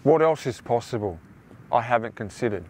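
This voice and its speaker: A man's voice: medium pitch, lively intonation, moderate pace, darkish tone, a little hiss or hum. A young man hosting a motivational self-help talk, rambling and repeating himself as he addresses listeners as his friends. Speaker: host.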